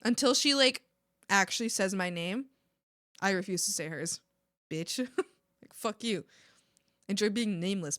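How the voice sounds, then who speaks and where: A young woman chatting casually while streaming her art, animated, swearing freely and laughing often. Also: mid-range voice, normal speed, pauses often, no room sound, clean studio sound. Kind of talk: casual chat while drawing.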